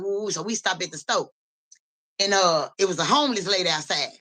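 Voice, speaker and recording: Bright-voiced woman telling stories. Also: brisk. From Memphis area, USA. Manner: animated, profane, keeps saying "so boom". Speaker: live-stream host. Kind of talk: casual live-stream storytelling.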